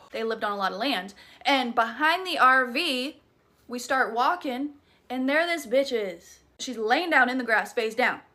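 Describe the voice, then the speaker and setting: A woman's voice: fairly high pitch, animated, a little slow, sharp tone. A woman with a Southern US accent telling a spooky personal story in a chatty, profane, dramatic way. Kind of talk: casual storytime vlog.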